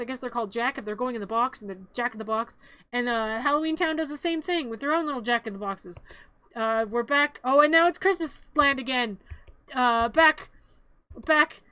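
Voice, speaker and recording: A woman's voice: high-pitched, pushed and bright, no room sound. A young adult woman streamer casually retelling a movie scene by scene, in a rambling, playful way with offhand jokes.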